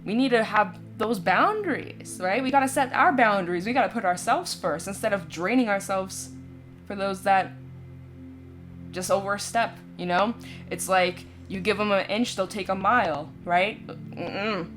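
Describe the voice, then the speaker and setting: A woman talks her viewers through a tarot spread in a relaxed, chatty way, often checking in with the listener. Her voice sits at an ordinary middle pitch. Faint music plays underneath. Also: normal speed. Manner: chatty, reassuring, full of "you know" and "right?". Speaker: tarot reader. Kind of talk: casual tarot reading to camera. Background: soft background music.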